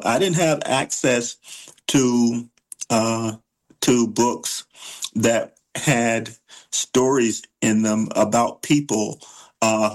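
A middle-aged illustrator of children's books, answering interview questions in a halting way with many fillers and restarts. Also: male voice, on the low side, darkish tone, low-quality recording.

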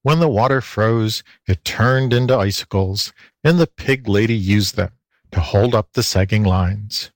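A man reading a children's storybook aloud, expressive and lilting, into a close mic. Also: lowish voice, measured pace, no echo. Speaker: audiobook reader. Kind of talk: storybook narration.

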